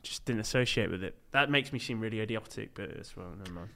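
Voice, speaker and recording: A man's voice: lowish voice, quick pace, creaky, pushed and bright. A man answering football quiz questions, chatty and teasing. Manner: chatty, teasing, laughs a lot. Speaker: quiz contestant. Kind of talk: casual football quiz chat.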